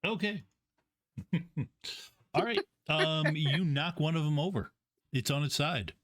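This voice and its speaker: A man running a tabletop game as game master, hesitant and filling pauses with ums and okays. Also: a little high, a bit bright, no room sound.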